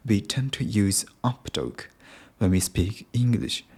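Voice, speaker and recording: Man, Japanese accent, low voice, slow, solo podcast talk, hesitant restarts. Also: sing-song, darkish tone, slightly rough. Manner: hesitant, many restarts and self-corrections. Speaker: podcast host.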